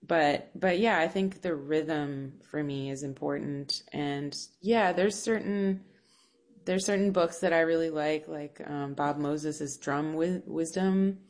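A woman's voice: low voice, takes it slowly, a little mellow. A woman, a music teacher and composer, answering interview questions in a thoughtful, searching way, with many restarts and fillers. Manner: laughs now and then.

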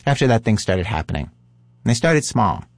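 A male podcast host with a fairly low voice. He narrates calmly and asks curious questions. The sound is dry and close. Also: normal speed, no echo. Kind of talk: narration and interview.

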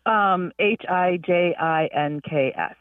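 A woman's voice: on the low side, slow pace, dry recording, recorded from a distance. Giggly woman on a tinny phone line. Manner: hesitant, giggly, many fillers. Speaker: caller. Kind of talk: radio call-in chat. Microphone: telephone.

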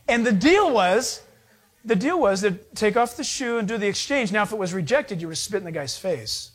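A man's voice: sits high, animated, normal speed. A man preaching a sermon, retelling the story in a casual, conversational way and acting out the people's lines. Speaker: pastor.

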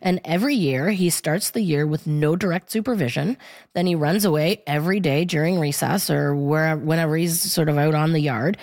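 A woman reporter telling a radio host about the families she interviewed, in a measured, informative way. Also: deep voice, a little mellow, dry recording, clean studio sound.

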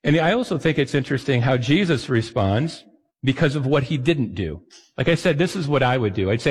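A man's voice: medium pitch, lively intonation, a little fast, slightly rough, big-room sound. A man preaching a sermon as a pastor, talking to his listeners in a conversational way with self-deprecating asides.

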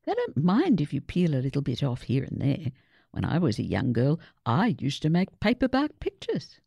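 A woman voicing a gentle, wise grandmother in a children's story. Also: sits low, wildly swooping pitch, moderate pace, gravelly, husky, no room sound, full character voice.

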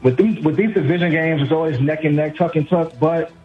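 A man's voice: fairly high pitch, brisk, faint music behind. A man from Brooklyn with a New York accent, calling into a radio show as a gloomy, resigned football fan. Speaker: caller. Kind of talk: call-in radio chat. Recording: dull lo-fi phone call.

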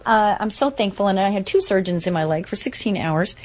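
A woman's voice: medium pitch, expressive, a little fast. A woman sharing a personal recovery story in a casual, earnest, upbeat way, full of fillers and restarts.

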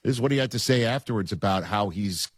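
A man with a New York accent hosting sports talk radio, animated and emphatic, repeating his points. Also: on the low side, fast talker, husky, dry recording, studio quality. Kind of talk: casual sports talk and live ad read.

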